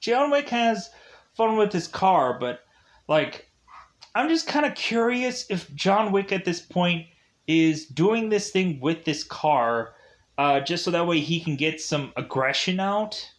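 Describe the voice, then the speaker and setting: A man's voice: high-pitched, lively intonation, slow. A man giving a casual movie review, rambling and digressive, with constant fillers like "like" and "uh". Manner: rambling and digressive, heavy use of "like" and "uh".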